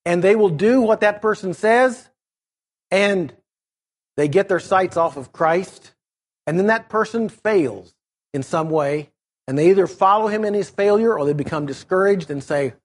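A middle-aged man preaching in a measured, explanatory way, leaning on key words as he teaches through a Bible passage. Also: sits high, lively intonation.

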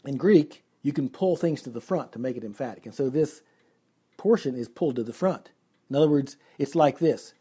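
A man's voice: medium pitch, lively intonation, moderate pace, dark tone, breathy edge. A man preaching an expository sermon, reading scripture aloud and earnestly explaining it verse by verse.

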